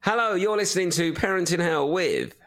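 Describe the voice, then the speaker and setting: A man's voice: sits high, fairly quick, a bit bright. A tired, hungover man co-hosting a podcast, chatting casually and telling a rambling, laugh-filled story. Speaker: podcast co-host. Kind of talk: casual comedic chat.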